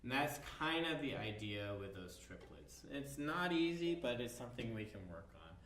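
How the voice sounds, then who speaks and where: A man's voice: mid-range voice, big pitch swings, normal speed, a bit bright, far from the mic, a little hiss or hum. A man teaching an orchestra violin part, explaining the rhythms and counting the beats aloud. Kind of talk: music lesson. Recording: roomy, from off mic, violin behind. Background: violin playing.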